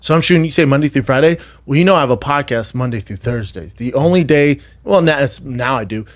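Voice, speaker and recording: A man's voice: mid-range voice, animated. Opinionated male podcast co-host. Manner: opinionated, quick back-and-forth, swears. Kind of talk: casual chat.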